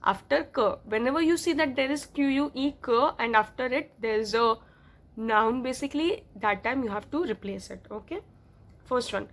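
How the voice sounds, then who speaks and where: A woman's voice: fairly high pitch, animated, normal speed, fairly bright tone. A woman teaching French grammar, repeating example sentences and often checking whether her students understand. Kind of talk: explaining a grammar lesson.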